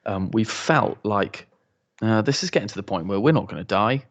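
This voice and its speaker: A man's voice: fairly low pitch, animated, moderate pace. A man co-hosting a podcast, chatting casually and chiming in with jokes and memories of past games. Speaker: podcast co-host. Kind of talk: casual chat. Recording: dull lo-fi recording.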